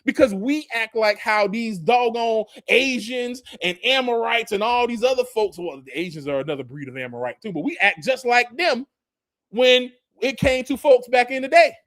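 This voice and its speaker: A man giving a casual scripture teaching, animated, often laughing and reading verses aloud. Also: extremely high pitch, normal speed, no echo, clean studio sound. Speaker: preacher.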